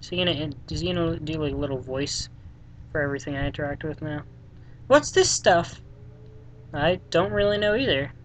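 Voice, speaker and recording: A let's play gamer giving casual gameplay commentary in a sarcastic, deadpan way, swearing often and reading game text aloud. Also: mid-range voice, fast, hardly any pauses, a little hiss or hum, rough recording.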